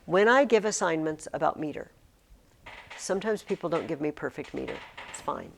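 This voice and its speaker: Animated woman teacher in a classroom. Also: sits low, a little fast, creaky, noisy background. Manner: animated and emphatic, often restarting words. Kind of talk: classroom lesson. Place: classroom with curtains on the walls. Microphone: recording device in the classroom.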